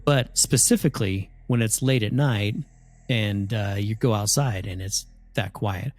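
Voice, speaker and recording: A man telling a spooky story in a casual, animated way, often acting out the voices of the people in it. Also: lowish voice, measured pace, no echo. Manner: animated, acts out voices in his stories.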